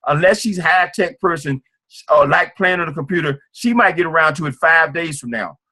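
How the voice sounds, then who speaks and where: A man giving an informal sales training talk, fast and acting out sales calls. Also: on the high side, sharp tone. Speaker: network marketing trainer.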